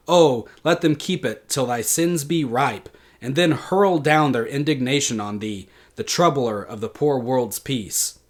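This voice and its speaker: Bitter old queen hurling curses, slow deliberate verse, mid-pitched, as a man reads her out, dramatic reading in a lecture.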